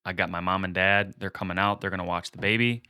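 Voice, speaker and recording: A man with a fairly low voice, recorded dry with no room sound. He co-hosts a casual podcast and tells a story with animation, playing out each quoted line. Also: fast talker, smooth, no echo. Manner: animated retelling, acting out quoted dialogue. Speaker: podcast co-host.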